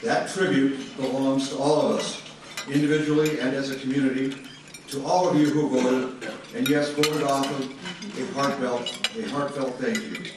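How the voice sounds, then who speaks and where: An older man delivering a formal annual address as mayor at a luncheon, speaking in a measured, deliberate way and repeating words for emphasis. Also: mid-range voice, steady tone, very noisy. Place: luncheon banquet hall.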